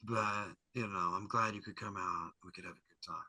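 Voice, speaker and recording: Man quoting a friendly girl, hushed, soft, dry bright voice. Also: fairly low pitch, fairly even intonation, fairly quick, husky, dry recording, exaggerated voice. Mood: gentle. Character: friendly young girl in tiger costume. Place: studio.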